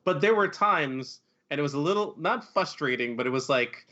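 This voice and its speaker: Animated man chatting on a podcast. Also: on the high side, moderate pace, highs cut off. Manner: animated, laughing, filler-heavy. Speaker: podcast host. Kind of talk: casual podcast chat.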